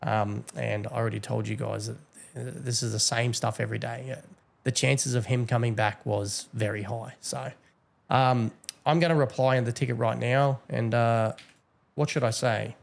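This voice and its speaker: A man's voice: medium pitch, steady tone, normal speed, vocal fry. A young man running a game server, chatting casually over gameplay in a tired, teasing drawl full of fillers. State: tired, yawning.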